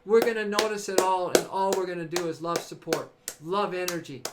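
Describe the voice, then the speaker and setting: A man's voice: sits high, fairly even intonation, a little fast, very noisy. A man hosting a livestream, giving an enthusiastic motivational talk to his chat, preachy and exuberant, breaking into cheers and whoops. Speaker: livestream host.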